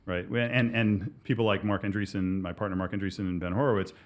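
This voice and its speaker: A man with a fairly low voice, talking fast as a guest in an interview. He tells history anecdotes eagerly, tripping over and restarting his phrases. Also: steady tone. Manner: rapid storytelling with many restarts.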